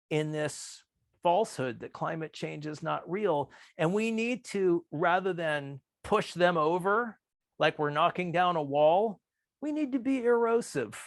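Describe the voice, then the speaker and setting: A man giving a talk on persuasion, speaking in a calm, measured way and acting out quoted remarks with changes in pitch. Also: no room sound, studio quality. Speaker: workshop presenter. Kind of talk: presentation on persuasive communication.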